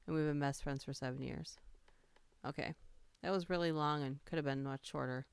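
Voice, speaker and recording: A woman's voice: low voice, fairly even intonation, brisk, gravelly, clean tone, no room sound. A woman hosting a casual livestream, reading funny stories aloud, laughing and greeting her chat.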